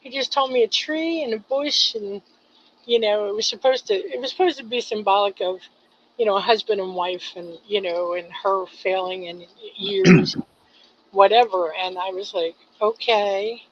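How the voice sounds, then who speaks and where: A middle-aged woman poet who reads her poem aloud, then tells the story behind it in an expressive way, laughing at herself. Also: medium pitch, normal speed, slight background noise. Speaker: poet and co-host. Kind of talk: poetry reading and casual chat. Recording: slightly dull lo-fi online radio audio.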